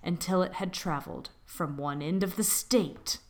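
A woman co-hosting a podcast, chatting casually and giggling, who reads an old legend in a hushed, creepy storytelling voice. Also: fairly low pitch, moderate pace. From Appalachia. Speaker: podcast co-host. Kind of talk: casual chat and spooky storytelling.

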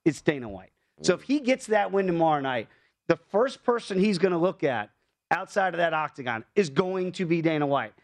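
A man talking as a fight analyst on a sports betting show, emphatic and quick to pile up points. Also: fairly high pitch, animated, dry recording. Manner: fast, emphatic, jumps between points.

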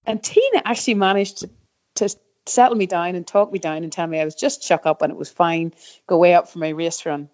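In a casual interview, a middle-aged woman who used to race downhill mountain bikes rambles through racing stories, full of fillers and restarts. Her lowish, darkish voice runs a little fast, captured on a slightly dull, muffled recording.

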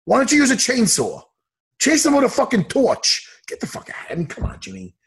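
A man's voice: very high voice, huge pitch swings, a little fast, creaky, slightly rough. A man, an MMA coach, chatting casually on a podcast, ranting heatedly and swearing a lot. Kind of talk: casual chat.

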